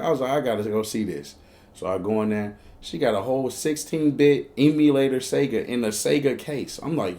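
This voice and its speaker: A man with a Chicago accent hosting a casual comedic storytelling show, slangy and profane. He acts out both sides of each exchange and jumps into high, squeaky outbursts at the tense moments. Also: expressive, normal speed, warm tone. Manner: breaks into high, squeaky outbursts when telling panicked moments. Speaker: storyteller host.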